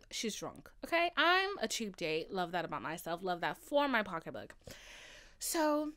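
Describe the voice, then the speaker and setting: Lively young woman telling stories. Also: on the low side, unhurried. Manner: animated, profane, says "okay?" often. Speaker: podcast host. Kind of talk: casual storytelling monologue.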